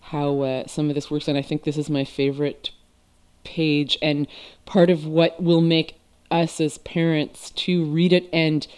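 A woman's voice: low-pitched, level tone, measured pace, darkish tone, smooth. Giggly, gushing woman podcast host. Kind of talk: casual interview chat.

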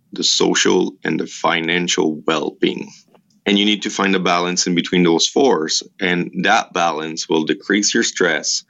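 A man's voice: low-pitched, gravelly, a bit bright, dull audio. A man with an Italian accent, an educator answering interview questions in earnest, step-by-step explanations. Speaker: educator in a vocational program.

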